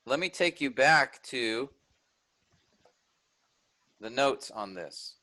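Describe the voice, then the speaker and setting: A man's voice: mid-range voice, lively intonation, drawn-out words, bright, forceful tone, low-quality recording. A man teaching an online workshop, explaining a text step by step and checking in with his listeners.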